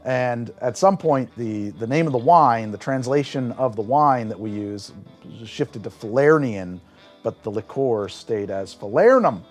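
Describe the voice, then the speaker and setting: A man with a middle-pitched voice hosts a cocktail show and explains a drink's history in a lively, storytelling way. His emphasis rises and falls sharply. He turns quieter and more reflective when he tastes and names the flavors, with faint music under his talk. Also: unhurried. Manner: animated storytelling with big swings in emphasis; tastes and describes aloud in a quieter voice. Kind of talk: conversational explainer.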